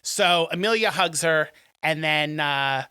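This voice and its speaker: A man co-hosting a podcast, casually retelling a film plot in a rambling way, with many ums and quick acted-out quotes. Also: a little high, sharp tone, clear, resonant tone, no room sound, clean studio sound. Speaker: podcast co-host.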